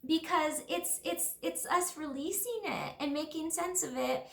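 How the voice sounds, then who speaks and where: A woman's voice: high-pitched, a little slow, gravelly. A woman talking through a casual, reflective monologue as a spiritual healer, in an earnest, rambling way full of fillers. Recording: roomy echo.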